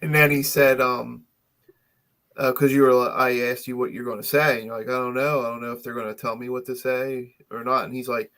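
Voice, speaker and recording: Gravelly man in casual podcast chat. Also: mid-range voice, level tone, fairly quick, fairly bright tone. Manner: rambling, full of fillers and restarts. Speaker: podcast co-host.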